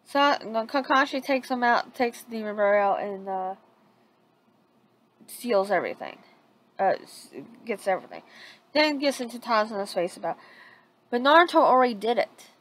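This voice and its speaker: A woman's voice: medium pitch, expressive, normal speed, low-quality recording. Rambling woman retelling a story. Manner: rambling, with frequent restarts. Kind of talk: casual retelling of a fan story.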